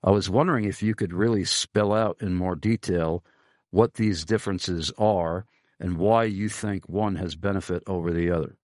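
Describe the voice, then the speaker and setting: A man's voice: deep voice, fairly even intonation, moderate pace, darkish tone, no echo, studio quality. A man hosting a Christian radio talk show, earnestly pleading with listeners for support and reading out a listener's question. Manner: earnest, pleading, lists many phrases.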